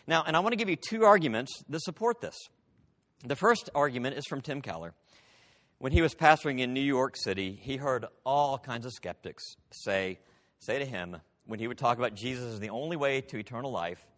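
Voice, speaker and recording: A man's voice: on the high side, fairly bright tone. Emphatic preacher man in a reverberant hall. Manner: emphatic preaching with dramatic drops in voice. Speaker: pastor. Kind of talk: sermon.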